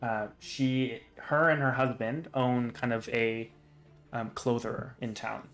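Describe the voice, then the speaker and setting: Man running a tabletop game, halting delivery, lots of ums, faint music behind. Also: mid-range voice, fairly even intonation, fairly bright tone, reverberant. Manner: halting, many fillers. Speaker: game master.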